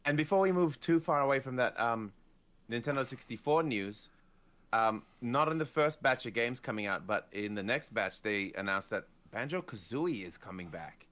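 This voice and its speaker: A young man co-hosting a casual gaming chat, animated and opinionated. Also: mid-range voice, moderate pace. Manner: animated, opinionated, acts out quoted voices. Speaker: podcast co-host.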